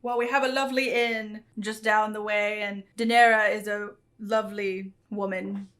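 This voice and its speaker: A woman voicing a stoic, gruff male dwarf king who speaks with measured courtesy. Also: mid-range voice, level tone, fairly bright tone, natural voice. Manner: courteous, measured royal speech.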